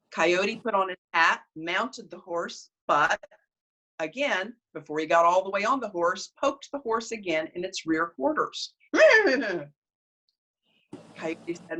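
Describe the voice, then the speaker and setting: Animated, bright-voiced woman storyteller. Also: mid-range voice, takes it slowly. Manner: expressive, animated narration. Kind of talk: storytelling performance.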